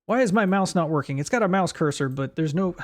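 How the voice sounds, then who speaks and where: A man's voice: high voice, animated, fast talker. A man streaming a retro game, rambling through bemused reactions and questions to himself. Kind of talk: live let's-play commentary.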